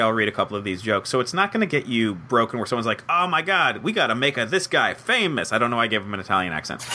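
A man's voice: medium pitch, slight background noise. A young man, a comedy head writer, answering interview questions casually and acting out quoted voices. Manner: animated, acts out quoted voices, self-deprecating.

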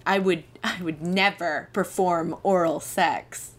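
A woman's voice: on the low side, fairly even intonation, slow. A woman voicing a prim, disapproving popular teenage girl from her school days. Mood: disgusted.

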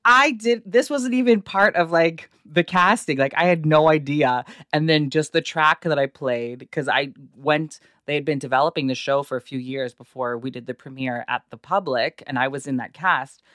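Low-voiced chatty woman telling a story. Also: normal speed, few pauses, no room sound, studio quality. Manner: animated, heavy use of "like" and quoted voices. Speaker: guest, stage actor. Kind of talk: casual storytelling.

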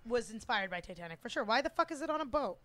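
A young woman co-hosting a casual podcast, reacting to a movie as it plays, swearing freely and jumping in with quick remarks. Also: on the high side, sing-song, fairly bright tone. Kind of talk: casual movie watch-along chat.

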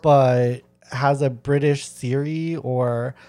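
A man's voice: mid-range voice, steady tone, takes it slowly, dark tone. A man hosting a podcast, chatting casually with many restarts and fillers. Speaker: podcast host.

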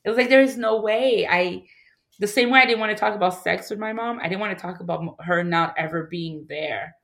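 A woman from Montreal in her thirties speaks as an interview guest in a mid-pitched voice. Her telling is candid and emotional, full of false starts and restarted sentences. She often slips into the voices of the people she quotes. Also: a little fast, fairly bright tone. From Montreal, Canada. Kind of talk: candid personal storytelling.

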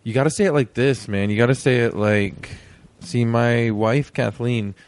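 A man's voice: mid-range voice, steady tone, normal speed. A young man hosting a podcast, rambling and joking through a casual intro. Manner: rambling, self-deprecating, jokey. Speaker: podcast host.

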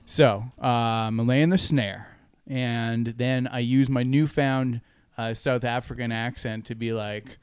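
A man's voice: medium pitch, fairly even intonation, measured pace, darkish tone, clear, resonant tone, no room sound, clean studio sound. A man playing a tabletop role-playing game, talking loosely and laughing often as he describes his moves. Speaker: player. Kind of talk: tabletop role-play, casual.

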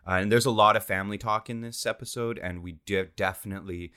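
Low-voiced man rambling on a podcast. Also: fairly even intonation, fast, bright, forceful tone, smooth. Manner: rambling, self-deprecating, laughs often. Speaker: podcast co-host and actor. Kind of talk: casual chat.

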